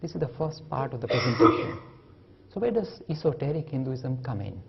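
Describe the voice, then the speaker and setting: A man's voice: medium pitch, brisk, creaky, lo-fi sound, heavy background noise. A man giving a lecture on religion, telling anecdotes and acting out the voices in them. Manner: animated, acts out voices in anecdotes. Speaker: speaker on religion. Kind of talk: lecture with storytelling.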